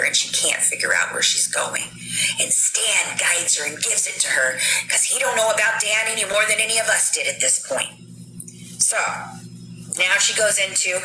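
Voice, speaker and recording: A woman's voice: mid-range voice, lively intonation, moderate pace. Chatty woman recapping a true-crime case. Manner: chatty, addresses listeners directly, switches between narration and quoted voices. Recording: echoey room with music behind.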